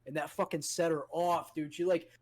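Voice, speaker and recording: A man's voice: a little high, flat delivery, moderate pace, a little mellow, no echo, poor audio. A young man co-hosting a podcast, telling a story in casual, profane chat and acting out quotes. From United States. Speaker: podcast co-host.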